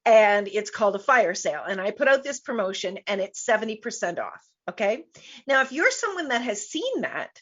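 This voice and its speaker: Here the same kind of speaker, a woman business coach hosting a live online show, talks in a slightly high, somewhat bright voice over a muffled recording. Her delivery is emphatic, with easy laughter and repeated key phrases.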